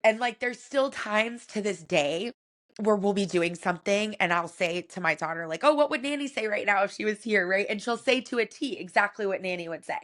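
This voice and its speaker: A woman co-hosting a podcast, telling a personal family story in a soft, reflective way with many casual fillers. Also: mid-range voice, a little fast. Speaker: podcast co-host.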